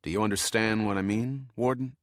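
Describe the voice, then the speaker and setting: Guy doing a tough fed, gruff and clipped, kinda low, dry sound. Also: fairly even intonation, fairly quick, no echo, close to an everyday voice. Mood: stern. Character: blunt, tough male FBI agent.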